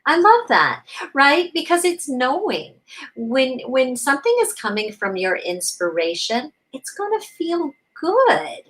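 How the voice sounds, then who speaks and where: A woman co-hosting a casual spiritual chat, talking in a gentle, encouraging way and often asking "right?". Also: high-pitched, sing-song, measured pace, poor audio. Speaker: co-host.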